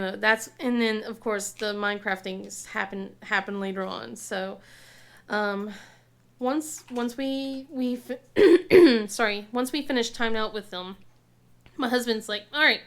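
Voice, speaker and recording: A woman in her thirties chatting casually while crafting, telling family stories with frequent laughter and acted-out quotes. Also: mid-range voice. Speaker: craft vlogger.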